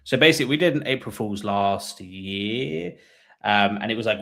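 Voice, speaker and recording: A man's voice: lowish voice, fairly quick, a bit bright. A man appearing as a podcast guest, telling stories with self-deprecating jokes. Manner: self-deprecating, joking storyteller. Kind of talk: casual video-call chat.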